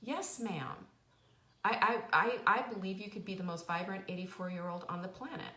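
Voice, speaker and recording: A woman's voice: medium pitch, normal speed, sharp tone, echoey room. A woman hosting a live stream, telling a personal story and urging viewers on with emotional, faith-filled encouragement. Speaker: host. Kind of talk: motivational live-stream talk.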